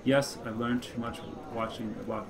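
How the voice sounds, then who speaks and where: A man's voice: medium pitch, level tone, moderate pace, crowd noise. A man hosting a casual let's play, reading game text aloud with upbeat reactions. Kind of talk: casual gameplay commentary.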